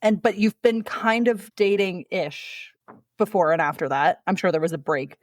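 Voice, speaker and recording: A woman's voice: lowish voice, steady tone, moderate pace, dry recording. A woman hosting a podcast in casual chat, speaking frankly and swearing now and then. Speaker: podcast host.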